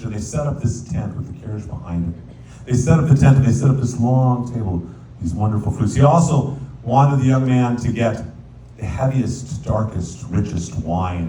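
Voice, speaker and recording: A rabbi telling a folk tale as a sermon, lively and playful, now and then singing verses in Hebrew. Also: male voice, mid-range voice. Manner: animated storyteller, sings Hebrew verses. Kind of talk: storytelling sermon. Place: synagogue sanctuary. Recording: echoey hall, distant mic, faint room noise.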